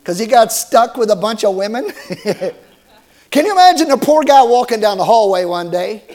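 A man's voice: high voice, animated, normal speed, a little mellow. A man preaching a sermon as pastor, asking the congregation questions, repeating words and slipping in small jokes.

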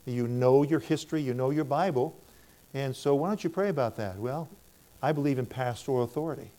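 An older man from the United States preaches with a warm, mellow voice. He tells stories from his ministry and plays both sides of each exchange. His manner is that of a minister giving his testimony to a church. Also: medium pitch, a little fast. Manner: storytelling, acts out both sides of conversations in a raised voice.

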